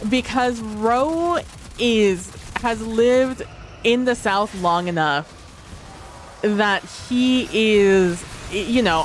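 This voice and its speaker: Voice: medium pitch, fairly bright tone. A tabletop role-play player reflecting casually on a livestream, rambling with many fillers and frequent laughter.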